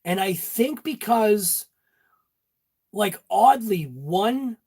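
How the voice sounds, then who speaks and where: A man's voice: high-pitched, animated, very slow, darkish tone, slightly rough. A man hosting a casual chat in his garage workshop, joking and talking to viewers by name. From Massachusetts. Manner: jokey, talks to viewers by name. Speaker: channel host.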